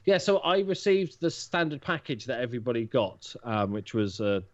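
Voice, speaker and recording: A man talks earnestly at length as a podcast guest, in casual conversation. His voice sits at a middle pitch. The sound is dull and lo-fi. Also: normal speed. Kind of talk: casual chat. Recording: dull lo-fi mic.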